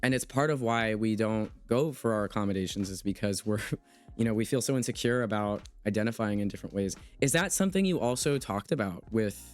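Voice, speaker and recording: A man's voice: on the low side, fairly quick, faint music behind. A young man from the United States hosting a casual conversation, talking earnestly and with emphasis. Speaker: podcast host. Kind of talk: casual conversation, reading chat comments.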